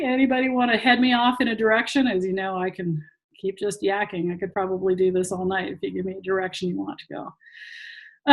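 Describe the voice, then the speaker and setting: A woman's voice: medium pitch, fairly bright tone, rough recording. A woman who teaches tantra talks casually to an online audience over a video call and laughs often while she tells stories.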